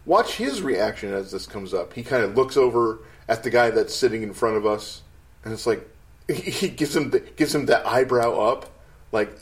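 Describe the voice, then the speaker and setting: A man's voice: mid-range voice, normal speed. A man co-hosting a casual podcast, talking through an old film scene and laughing often. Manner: animated, laughs often, quotes film lines. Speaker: podcast co-host.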